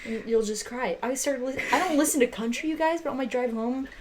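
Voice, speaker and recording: A woman's voice: sits high, fairly quick, noisy background. A woman co-hosting a podcast, chatting casually and teasing her co-host. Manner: teasing, playful. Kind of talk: casual chat.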